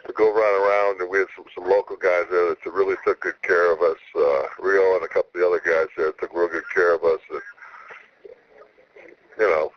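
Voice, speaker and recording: A man with a very deep voice answers interview questions in an easygoing way. He rambles and trips over his words, restarting phrases again and again. The radio recording is a little muffled, with a faint hiss underneath. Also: steady tone, brisk. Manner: rambling, with many stammered restarts; laid-back. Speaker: wrestler guest. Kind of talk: casual interview talk.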